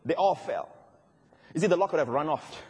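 A man's voice: on the high side, animated, fairly quick, slightly rough. A man preaching a sermon to a congregation, telling the story dramatically and calling out to his listeners. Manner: dramatic storytelling, addressing the congregation, shouting at peaks. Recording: long reverb of a large hall.

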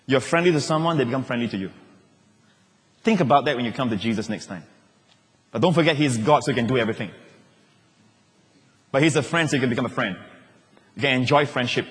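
A man preaching a sermon as pastor, swinging from excited emphasis down to soft, low asides. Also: fairly quick, long pauses, big-room sound.

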